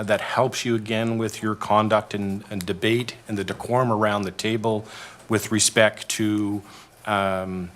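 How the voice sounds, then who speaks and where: A man on staff explaining governance rules at a committee meeting, halting with many fillers and restarts. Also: mid-range voice, a bit bright. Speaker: staff member presenting governance bylaw. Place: council chamber meeting.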